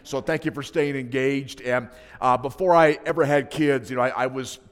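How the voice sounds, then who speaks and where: A man's voice: medium pitch, steady tone, moderate pace. A man in his thirties, a pastor giving a sermon, telling personal stories in a conversational way with asides to the congregation. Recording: preaching in a reverberant hall.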